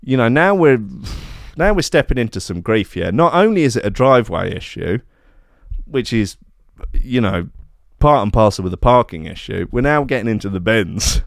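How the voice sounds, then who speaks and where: Brief: young guy, sarcastic commentator, mock-outraged, animated delivery, dry sound. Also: medium pitch, normal speed, gravelly, dry recording. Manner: deadpan mock outrage, lots of fillers. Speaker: comedy podcast host.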